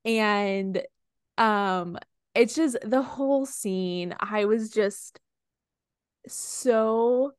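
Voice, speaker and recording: A woman's voice: mid-range voice, drawn-out words, smooth, no echo, studio quality. A young woman co-hosting a casual book podcast, retelling scenes in a rambling way with lots of fillers and restarts. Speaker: podcast co-host.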